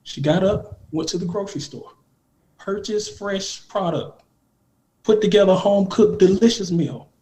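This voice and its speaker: A man in his forties on a heated panel debate, telling a story in an insistent, animated way. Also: high-pitched, normal speed, echoey room. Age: 40s. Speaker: panel guest.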